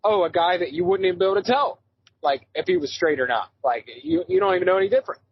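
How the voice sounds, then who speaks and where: Man, high husky voice, casual podcast chat, swears a lot, dull dry sound. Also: fast talker, dry recording. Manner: animated, swears freely. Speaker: podcast co-host.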